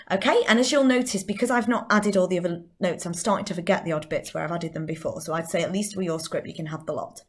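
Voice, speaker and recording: A woman's voice: lowish voice, fast talker, few pauses, breathy edge. A woman with a Northern English accent, a drama teacher giving a chatty recorded lesson and explaining step by step.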